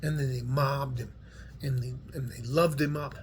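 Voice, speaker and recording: A man's voice: mid-range voice, fairly even intonation, moderate pace, slight background noise. A middle-aged man with a West Texas accent, talking to his viewers in a rambling, earnest, folksy way with salty language. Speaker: vlogger. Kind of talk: casual heartfelt monologue to viewers.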